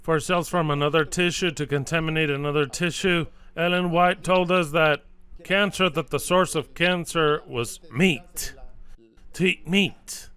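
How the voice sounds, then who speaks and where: Preaching a sermon, this man speaks at a moderate pace in a slightly high, clear and resonant voice. He repeats himself emphatically and brings it alive by acting out little stories.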